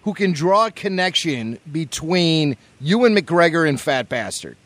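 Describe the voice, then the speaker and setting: A man's voice: a little high, big pitch swings, unhurried, fairly bright tone, no echo. A man co-hosting a podcast, enthusiastic and joking in casual chat. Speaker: podcast co-host.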